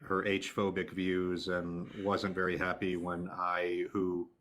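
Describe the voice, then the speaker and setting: Man, very deep voice, wry and indignant caller. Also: completely flat delivery, slow pace, fairly bright tone. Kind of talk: casual chat.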